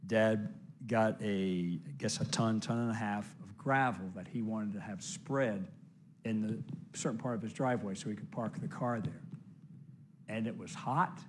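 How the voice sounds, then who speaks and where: Animated male preacher telling stories. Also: lowish voice, a little slow, a little hiss or hum. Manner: animated storytelling with loud exclamations and hushed asides; exhorting listeners directly. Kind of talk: sermon.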